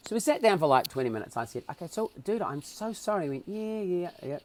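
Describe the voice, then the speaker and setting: With a high voice and fast delivery, this New Zealand-accented man is a podcast guest telling an animated story. He acts out the dialogue with lively vocal swings, and there's slight background noise.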